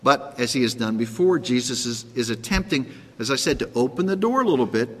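A man's voice: expressive, fairly quick, a bit bright, big-room sound. A man preaching a sermon in a conversational way, checking in with "okay?" and sometimes acting out the quoted characters. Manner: acts out Pilate's sarcastic lines in a higher voice. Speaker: pastor.

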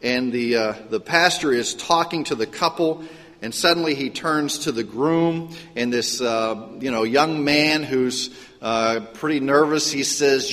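Male pastor, slightly high voice, casual storytelling sermon delivery, long reverb of a church hall. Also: moderate pace. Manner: conversational, storytelling, lively asides.

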